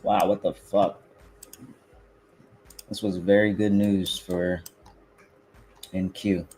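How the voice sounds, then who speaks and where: A man's voice: low-pitched, level tone, takes it slowly, darkish tone, a little hiss or hum. A young man trading futures live on stream, talking casually to viewers and swearing, frustrated and muttering to himself. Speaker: livestreaming futures trader.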